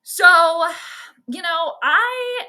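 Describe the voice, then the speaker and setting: A woman talks through a live stream from her home, rambling and chatty as she follows the game and answers viewers. Her voice sits high and sounds bright and forward. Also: animated, extremely slow. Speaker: host of an astrology sports livestream. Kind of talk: casual live commentary and chat.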